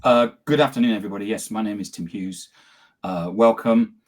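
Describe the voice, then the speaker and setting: A man co-hosting a business talk show, introducing himself in a relaxed way with frequent ums. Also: fairly low pitch, a little fast. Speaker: co-host, CEO. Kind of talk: casual self-introduction.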